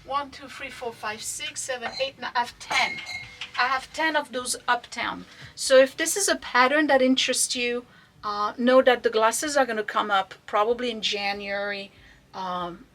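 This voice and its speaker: A woman running an online vintage shop, chatting casually and enthusiastically as she shows items, sometimes dropping to soft asides. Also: on the high side. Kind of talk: casual product showcase.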